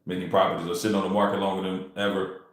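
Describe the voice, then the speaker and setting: A man's voice: deep voice, level tone, racing. A man, chatting loosely with his livestream viewers while he makes cold calls. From Texas. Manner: loose, talks straight to the chat in slang. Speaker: real estate wholesaler streaming cold calls. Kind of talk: casual livestream chat. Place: home room. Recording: very echoey room.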